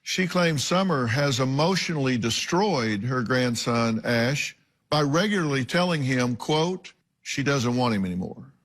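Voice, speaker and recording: A man's voice: medium pitch, animated, unhurried, fairly bright tone. A man hosting a talk show, questioning guests in a direct, probing way.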